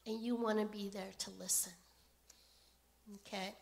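A woman preaching a sermon in a gentle, unhurried way, often pausing to check in with "okay?". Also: medium pitch, little pitch movement, creaky. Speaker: pastor.

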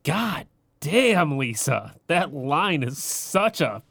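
A man co-hosting a casual podcast, asking questions and reacting with quick amusement. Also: a little high, very animated, gravelly, fairly bright tone, dry recording. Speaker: podcast co-host. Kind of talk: casual chat recapping a cartoon episode.

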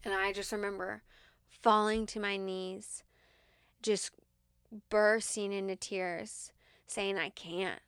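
A woman's voice: medium pitch, little pitch movement, slow, pauses often, a bit bright, clean tone, no echo, clean studio sound. A woman guest on a podcast, telling a personal story in an earnest, candid way with lots of filler words.

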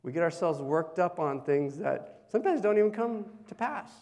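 A man's voice: fairly high pitch, lively intonation, normal speed, darkish tone. Man preaching a chatty sermon in a reverberant hall. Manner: conversational, asks the congregation questions. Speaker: pastor.

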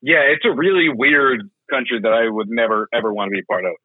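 A man's voice: mid-range voice, quick pace, slightly rough, dry recording. A man co-hosting a podcast, trading crude jokes in casual banter. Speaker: podcast co-host. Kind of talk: casual joking chat. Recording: dry thin phone-like line.

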